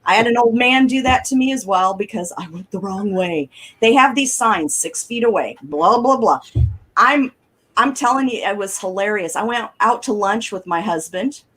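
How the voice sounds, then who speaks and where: A woman's voice: medium pitch, normal speed, husky, low-quality recording. A middle-aged woman, co-hosting a casual talk show and telling chatty stories with a laugh. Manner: chatty storyteller, animated and laughing. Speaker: co-host.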